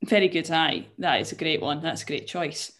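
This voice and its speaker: A young woman co-hosting a casual chat show tells a story in a low, fairly bright voice at a moderate pace. She jokes and swears, laughing often and restarting words as she goes.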